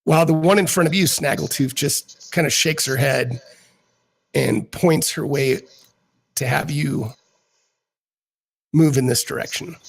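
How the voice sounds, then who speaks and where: Man, dungeon master, husky voice, rambling narration, slightly high. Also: rough recording. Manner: rambling, halting narration with fillers. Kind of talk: narrating a tabletop game.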